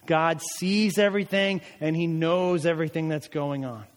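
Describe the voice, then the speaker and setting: Guy preaching a sermon, bit high voice, long echo off the church walls. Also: steady tone, normal speed. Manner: rising, emphatic calls in prayer passages. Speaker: pastor. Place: church sanctuary. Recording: long church hall reverb.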